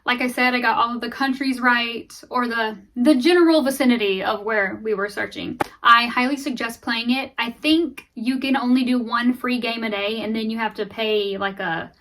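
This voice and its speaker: A woman's voice: on the high side, fairly even intonation, moderate pace, hardly any pauses, a bit bright, far from the mic. A woman vlogger giving casual, rambling commentary as she plays a guessing game, thinking aloud and joking at her own expense.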